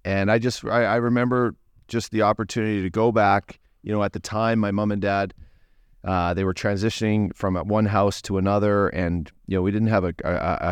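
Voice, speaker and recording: A man from Canada in his forties, a former hockey player co-hosting a podcast, telling stories in a relaxed, rambling way. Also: on the low side, clear, resonant tone, no room sound, clean studio sound. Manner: relaxed, rambling, lots of "you know" fillers. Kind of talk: casual storytelling chat.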